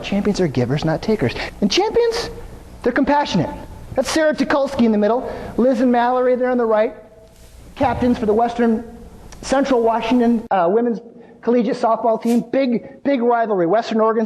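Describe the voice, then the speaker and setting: Keynote speaker, male, high voice, lively storyteller, hall reverb. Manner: energetic storytelling with asides to the audience. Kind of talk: live motivational keynote speech. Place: large venue before an audience.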